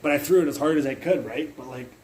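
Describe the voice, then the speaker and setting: A man's voice: fairly high pitch, fast, a little mellow, a little hiss or hum, poor audio. A young man livestreaming from his phone, telling a long rambling story full of curses, fillers and restarts. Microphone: phone mic.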